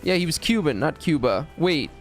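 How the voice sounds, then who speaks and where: A man's voice: fairly high pitch, sing-song, normal speed, faint music behind. A man from the United States streaming live and rambling through a profane, joking story. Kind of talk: casual storytelling.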